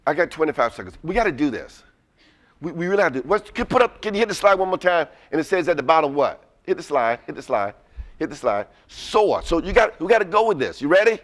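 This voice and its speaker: High, lively-voiced motivational man. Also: fast talker. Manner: energetic, coaxing the audience to chant; casual, uses y'all. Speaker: presenter at a webinar. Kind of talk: motivational call-and-response talk. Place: presentation room with a live audience.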